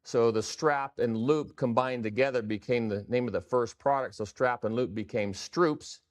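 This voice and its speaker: Relaxed man telling his story. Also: medium pitch, moderate pace. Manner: relaxed, rambling, self-correcting. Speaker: guest, fitness product founder. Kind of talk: casual interview storytelling. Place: company showroom.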